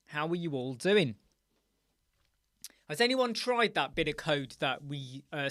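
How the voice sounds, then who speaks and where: Man, live stream host, rambling casual chat, greets viewers, fairly high pitch, dry room. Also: pushed and bright, no echo. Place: his room at home.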